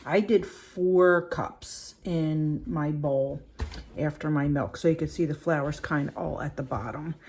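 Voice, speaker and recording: A woman with a somewhat low voice talks casually through a home baking demonstration. She rambles, restarts and fills gaps with "um" and "like." Her voice is a little shaky from working the dough with her hands. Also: unhurried, a little mellow, breathy edge. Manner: chatty, rambling with many fillers and restarts. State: voice shaky from kneading.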